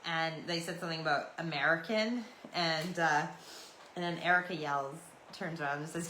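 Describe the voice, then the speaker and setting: A woman's voice: low-pitched, moderate pace, pushed and bright, echoey room, a little hiss or hum, poor audio. A Canadian woman in her forties hosting a podcast, rambling through stories in a chatty, meandering way. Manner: chatty, meandering, loose and storytelling. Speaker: podcast host. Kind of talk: rambling solo podcast chat.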